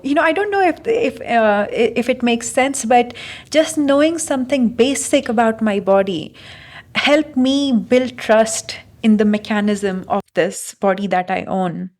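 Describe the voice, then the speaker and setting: A young adult woman talking through her thoughts in a reflective vlog monologue, halting and full of fillers and restarts. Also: on the high side, darkish tone. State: briefly emotional. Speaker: vlogger.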